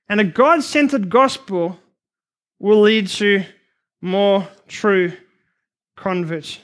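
A man preaching a sermon to future missionaries, earnest and emphatic, sometimes rushing his words. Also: high-pitched, lively intonation, fairly bright tone. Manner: earnest, emphatic, rushes at times.

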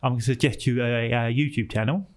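A man's voice: mid-range voice, steady tone, fast. A British man co-hosting a podcast, casually recommending shows and channels with enthusiasm. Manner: enthusiastic recommender, explains at length. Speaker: podcast co-host. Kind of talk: casual chat.

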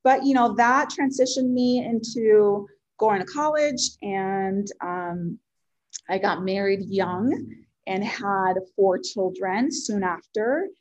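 A woman's voice: mid-range voice, a little mellow. Earnest woman, Spanish her first language. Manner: earnest, heartfelt, with frequent ums and pauses. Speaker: interview guest. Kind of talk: personal life story in conversation.

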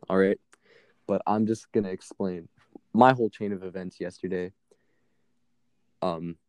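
A man's voice: low-pitched, warm tone, no echo. A young man casually telling a long, profane story as a podcast co-host, laughing now and then.

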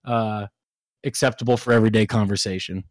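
A man's voice: lowish voice, fairly even intonation, brisk, dry recording, studio quality. A man co-hosting a casual gaming podcast, rambling and crude, running off into rants. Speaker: podcast co-host.

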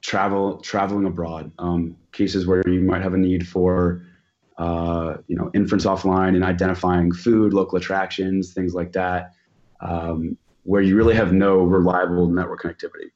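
Deep, flat-toned man explaining tech. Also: normal speed, muffled recording. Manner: explanatory, frequent "um" and "you know". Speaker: expert guest. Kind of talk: technical explanation.

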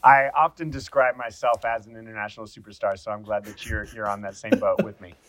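A man's voice: fairly low pitch, fairly even intonation, fairly quick, a bit bright. A man from New Zealand chats as a podcast guest. He jokes about himself and rambles, often stopping and restarting mid-sentence. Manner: jokey, self-mocking, rambling with restarts. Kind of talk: casual podcast chat.

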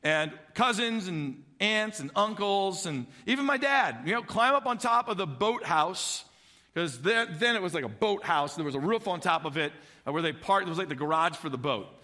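Animated pastor in an echoey hall. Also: male voice, high voice, normal speed. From Illinois. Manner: animated storytelling, acting out childhood voices. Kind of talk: sermon.

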